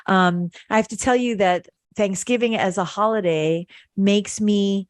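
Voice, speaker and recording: A woman's voice: mid-range voice, a little slow, no echo, studio quality. A middle-aged woman from Hawaii hosting a podcast, talking in an earnest, heartfelt way with many fillers. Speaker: podcast host. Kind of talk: casual chat.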